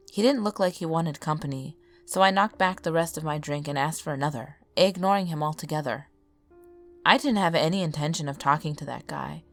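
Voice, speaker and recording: A woman reading a scripted horror story aloud in a calm, measured way, as the channel's narrator. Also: sits low. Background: faint background music.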